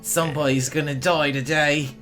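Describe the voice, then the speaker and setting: Man doing a touchy loud half-orc leader. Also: fairly high pitch, little pitch movement, faint music behind, voice pushed up. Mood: angry. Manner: loud, indignant, quick to threaten.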